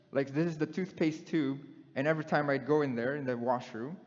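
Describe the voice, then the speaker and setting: A man's voice: mid-range voice, brisk. A middle-aged male preacher giving a conversational sermon and putting questions to the congregation. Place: church hall. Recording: dull sound in a long-echoing hall.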